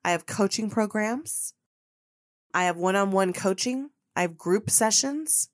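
A woman's voice: medium pitch, animated, a little slow, no room sound, studio quality. A woman hosting her own podcast as a manifestation coach, speaking in an earnest, heartfelt monologue and repeating phrases for emphasis.

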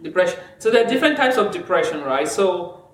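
Lively storytelling woman in an echoey room. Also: fairly low pitch, fast talker. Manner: animated storytelling, laughs often, acts out quotes. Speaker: clinician guest. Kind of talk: casual conversation.

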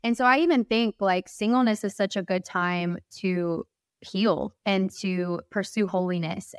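A woman's voice: lowish voice, smooth, dry recording, studio quality. A young woman guest telling a heartfelt faith story in a candid, earnest way. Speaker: podcast guest.

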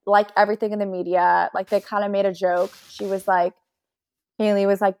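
A woman's voice: medium pitch, level tone, brisk, a little mellow, clean tone. A young woman co-hosting a podcast, chatting casually and recapping celebrity gossip with quoted asides. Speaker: podcast co-host.

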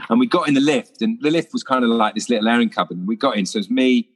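Man, actor guest, lively storyteller, does voices, casual chat, middle pitch. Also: racing.

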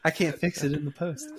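A man co-hosting a podcast, easygoing and laughing as he talks. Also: on the high side. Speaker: podcast co-host. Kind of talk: casual podcast chat. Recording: noisy background.

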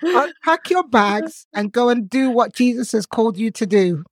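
A woman co-hosting a faith podcast in casual chat, lively and often laughing, who breaks into animated asides. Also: on the high side, moderate pace, dry recording, clean studio sound. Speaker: podcast co-host.

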